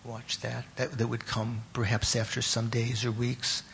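A man teaching a class on Buddhist meditation and terms, pausing often, repeating words and putting questions to his students. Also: medium pitch, monotone, gravelly, fairly bright tone, slight background noise.

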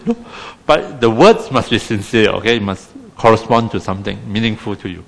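A Singaporean man teaches a meditation class in a wry, chatty, self-deprecating way, tossing in little tag questions as he goes. His voice sits somewhat low. It carries a long reverb, as if he were speaking in a hall. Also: animated, a little fast, creaky. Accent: Singaporean English.

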